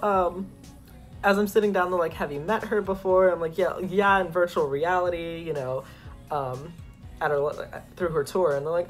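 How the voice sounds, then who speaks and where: Young guy vlogging, all excited, says like a lot, soft music in the back. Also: high-pitched, normal speed. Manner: excitable, rambling, heavy use of "like". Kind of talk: casual storytelling to camera.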